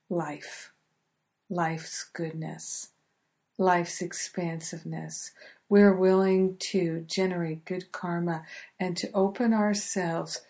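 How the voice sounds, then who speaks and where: A woman leading a guided spoken prayer in soft, affirming, repetitive phrases, with gentle laughter between them. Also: on the low side. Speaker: prayer leader.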